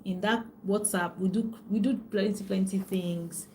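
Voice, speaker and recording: A woman's voice: medium pitch, measured pace, slight background noise. Chatty Nigerian woman coach. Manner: chatty, animated, reads out viewer comments. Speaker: life and business coach. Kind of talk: casual live-stream talk.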